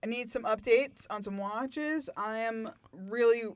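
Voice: mid-range voice, measured pace. Giggly podcast co-host acting out scenes. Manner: laughs often, acts out lines from scenes. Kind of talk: casual chat.

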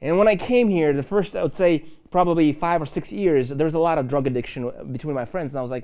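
A man preaching a sermon in a church, conversational and lively, with fillers and asides. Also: a little high, quick pace, hardly any pauses. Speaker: pastor.

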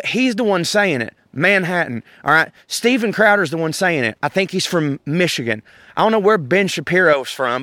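A man's voice: high voice, no room sound, clean studio sound. A middle-aged man with a Southern US accent, ranting casually and profanely outdoors in a park as a podcast host. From Southern United States. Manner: profane, animated, rambling. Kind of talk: casual rant.

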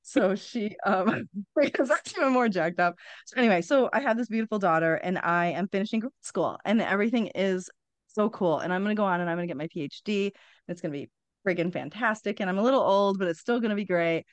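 A woman in her forties with a medium-pitched voice talks fast in a dry recording. As a podcast guest, she tells a candid personal story bluntly, with wry humor and frequent swearing.

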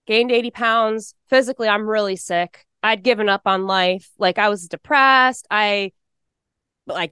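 A woman in her forties from Texas, telling her personal testimony in a podcast interview. She talks fast and emotionally, with a smooth, clear and slightly high voice. The recording is dry and close. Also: fairly bright tone, dry recording. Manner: emotional, fast-talking storyteller.

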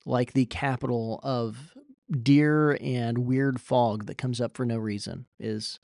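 A man's voice: medium pitch, steady tone, slow, gravelly, a little mellow, no room sound. Young guy preaching a sermon, earnest and emphatic, dry close sound. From Iowa, USA. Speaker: pastor.

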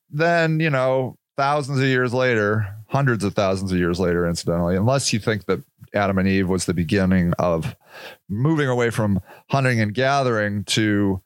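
A man's voice: fairly low pitch, dry recording, clean studio sound. A man hosting a podcast, talking in a rambling casual monologue, swearing now and then and acting out little quoted voices. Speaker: podcast host.

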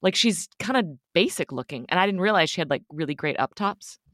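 A woman's voice: lowish voice, animated, a little fast, a bit bright, no echo, studio quality. A woman co-hosting a podcast, speaking frankly and joking in casual conversation. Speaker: podcast co-host.

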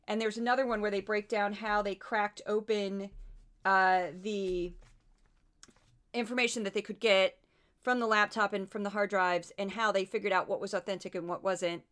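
A woman with a Midwestern American accent hosts her podcast in casual commentary. Her voice is bright, and she talks in an animated, chatty way, full of asides. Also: mid-range voice. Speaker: podcast host.

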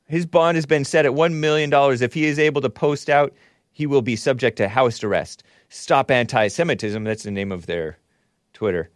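Wry lively male commentary host. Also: dry recording, studio quality. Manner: wry, chuckling asides, lively pitch. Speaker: show host. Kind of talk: casual commentary on news clips.

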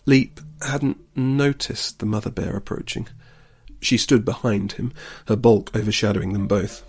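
A man reading a story aloud in a calm, steady storybook narration. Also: lowish voice, normal speed, breathy edge.

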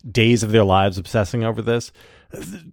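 A man's voice: lowish voice, steady tone, moderate pace, gravelly, no echo, clean studio sound. A man co-hosting a podcast in casual political chat, wry and emphatic, building his points aloud. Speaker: podcast co-host.

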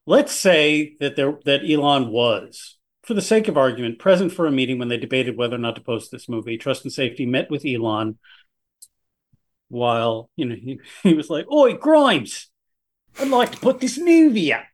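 A man co-hosting a political podcast, talking in a sarcastic, animated way with jokey asides. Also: medium pitch, normal speed. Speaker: podcast co-host. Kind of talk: casual political podcast chat.

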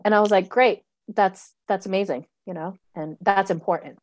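A young woman, a stand-up comedian telling a story in casual chat, animated, full of fillers and swearing. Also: medium pitch, moderate pace. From New York City.

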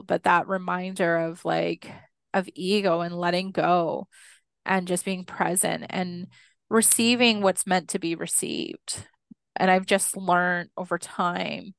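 Smooth-voiced woman telling a story. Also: on the low side, dry recording. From Canada, Six Nations Mohawk community. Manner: animated storyteller acting out quoted dialogue, laughs often. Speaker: guest, Indigenous educator. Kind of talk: storytelling in a podcast interview.

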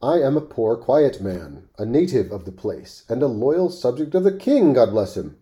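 A man's voice: medium pitch, sing-song, normal speed, warm tone, close to an everyday voice. A man voicing a bewildered, ragged old man who speaks humbly and pleadingly in a storybook reading.

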